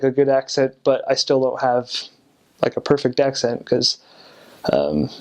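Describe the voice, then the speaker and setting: A young American man who served as a missionary, casually explaining things with many fillers and restarts. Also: mid-range voice. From United States. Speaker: returned missionary.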